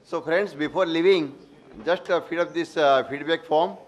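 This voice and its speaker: A man who moderates the event and gives the closing announcements, pausing often on fillers. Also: a little high.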